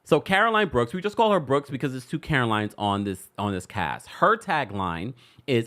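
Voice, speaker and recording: A man's voice: mid-range voice, very animated, normal speed, a bit bright, a little hiss or hum. A man hosting a celebrity gossip show, chatting casually with his live audience in a playful, teasing way, laughing often. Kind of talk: casual commentary to a live chat.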